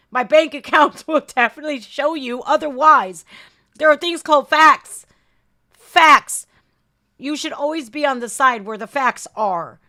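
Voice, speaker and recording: A woman's voice: high-pitched, pushed and bright. A woman hosting a reaction video, talking back to clips in an exasperated, heated way.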